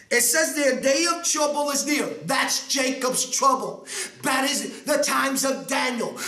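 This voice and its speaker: A man delivers a fiery prophetic sermon with a very high, bright voice. He often shouts and repeats himself for emphasis. The sound rings with echo. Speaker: preacher.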